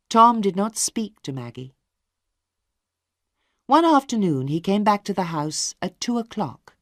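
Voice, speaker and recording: A storyteller reading a simple novel aloud for English learners, slowly and with clear spacing. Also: medium pitch, fairly bright tone, no room sound, clean studio sound. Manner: slow, clearly spaced storytelling. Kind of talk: slow graded-reader narration for English learners.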